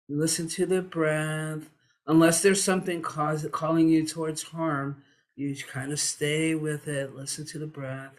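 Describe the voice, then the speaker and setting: Male guest, calm and reflective, measured coaching delivery, a touch high-voiced. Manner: gentle, unhurried, coaching tone. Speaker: diversity activist guest. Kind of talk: calm reflective conversation on mindfulness.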